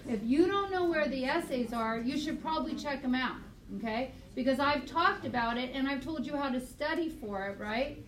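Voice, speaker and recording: A woman biology teacher lecturing a class, quizzing students with quick questions, recorded on a tablet mic across the classroom. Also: high voice, a bit bright. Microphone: tablet mic from across the room. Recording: echoey classroom, distant mic, faint noise.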